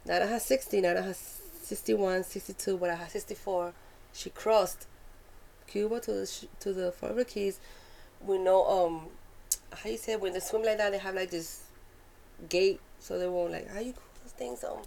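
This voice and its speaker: A woman's voice: medium pitch, steady tone, normal speed, creaky, darkish tone. A woman comedian guest in a casual interview, telling a story with energy and stopping to grope for words.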